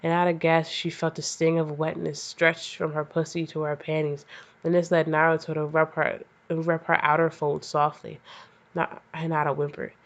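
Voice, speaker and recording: A woman's voice: low-pitched, little pitch movement, moderate pace. Crude, self-mocking woman reading fan fiction. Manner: profane, self-mocking, stumbles over words. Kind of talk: comedic reading with crude asides. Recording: slightly dull lo-fi audio.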